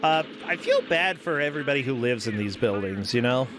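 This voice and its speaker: A man's voice: mid-range voice, animated, a little fast, music in the background. A man commentating a live video game race in a casual, chatty, joking way. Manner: chatty, laughs easily, joking.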